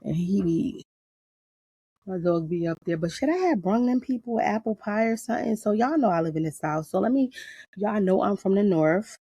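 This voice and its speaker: A middle-aged woman from New Jersey, hosting a podcast outdoors in her backyard garden and telling stories in a blunt, profane, animated way. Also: medium pitch, normal speed, husky, no room sound, clean studio sound. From Paterson, New Jersey. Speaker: podcast host. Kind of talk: casual unscripted chat.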